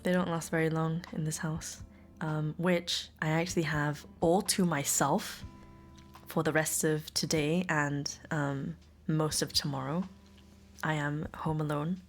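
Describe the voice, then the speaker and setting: A woman's voice: sits low, level tone, unhurried, soft background music. A young woman, a live streamer, chatting casually and giggling often with her chat from home. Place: home room.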